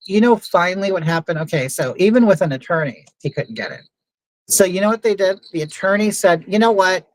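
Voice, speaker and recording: A woman's voice: on the low side, dry recording, low-quality recording. A woman hosting a livestream, telling stories in a chatty, opinionated way with many asides. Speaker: livestream host. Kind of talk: casual livestream monologue.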